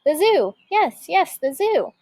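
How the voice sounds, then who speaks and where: A woman voicing a grouchy, hungry old witch who screeches and shouts. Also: sits high, expressive, moderate pace, no room sound. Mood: excited.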